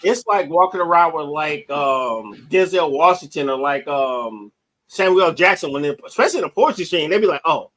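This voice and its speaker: A man with a high, sing-song voice that climbs and dips as he jokes around on a live stream. He keeps the chat loose and playful and laughs easily. He talks over a desk mic. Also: animated, a bit bright. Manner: playful, joking, quick to laugh. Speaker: co-host. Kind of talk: casual podcast chat. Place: home studio, live stream. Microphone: webcam or desk mic on a video stream.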